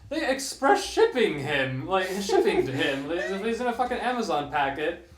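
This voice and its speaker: Casual male co-host, animated and profane, medium pitch, echoey room. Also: normal speed. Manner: animated, swears a lot, ranting. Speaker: podcast co-host. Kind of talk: casual chat.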